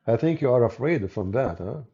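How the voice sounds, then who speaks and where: A man's voice: medium pitch, lively intonation, brisk, gravelly, warm tone. A man with an Arabic accent, a native Arabic speaker, giving mocking, sarcastic live-stream commentary as a debater and channel host. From Arab world. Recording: dull lo-fi audio.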